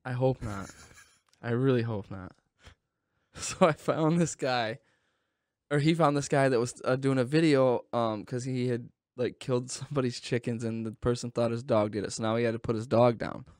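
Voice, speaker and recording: A man's voice: mid-range voice, steady tone, normal speed, darkish tone, no echo, clean studio sound. Laid-back man saying "dude" a lot. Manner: laid-back, swearing, says "dude" often. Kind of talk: casual storytelling chat.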